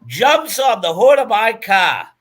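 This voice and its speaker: Male podcast host, high bright voice, unhurried laughing storyteller. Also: sing-song. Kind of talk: casual chat.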